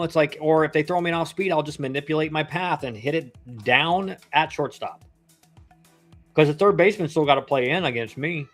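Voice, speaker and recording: Male streamer in his thirties, ex-player, rambling casual game commentary, a touch high-pitched, faint music behind. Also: fairly bright tone. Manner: chatty and rambling, slangy with lots of "like" and "bro". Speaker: livestream baseball commentator, former pro player.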